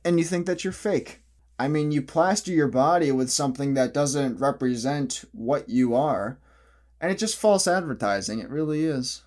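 A man's voice: fairly high pitch, darkish tone. A young man in a casual, opinionated vlog monologue who rambles, restarts often and laughs at his own jokes. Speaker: vlogger.

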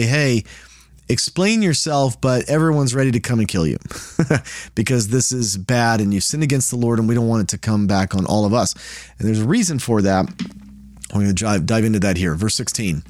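A man's voice: lowish voice, fairly quick, a little mellow, dry recording, clean studio sound. A man leading a casual Bible study, explaining scripture in a conversational way and paraphrasing it in quoted asides.

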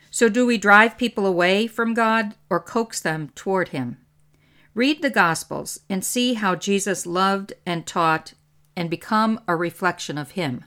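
A woman hosting a faith podcast, talking in an earnest, gently instructive way, recorded on a podcast mic. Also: lowish voice. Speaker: podcast host and author.

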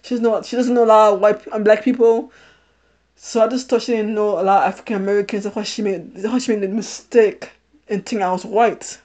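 A woman's voice: medium pitch, fairly even intonation, fairly quick, darkish tone. A woman in her thirties hosting a podcast, telling a personal story in a casual way, laughing often and repeating and restarting her phrases. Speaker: podcast host.

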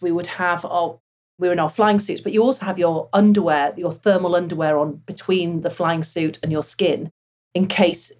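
A woman, a former fighter pilot, telling stories in a casual interview with animated laughter. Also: lowish voice, slightly rough.

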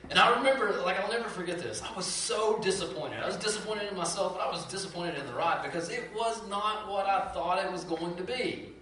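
Man in his forties, pastor, chatty sermon storyteller, fairly high and bright voice, distant mic in a very echoey hall. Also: brisk, few pauses, slight background noise. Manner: animated, conversational storytelling with lots of asides.

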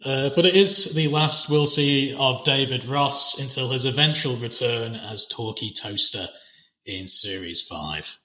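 A man's voice: mid-range voice, measured pace, bright, forceful tone. Enthusiastic man podcasting in a roomy space. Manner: enthusiastic, laughs often, quotes lines in put-on voices. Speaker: podcast co-host. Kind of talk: casual chat recapping a TV episode.

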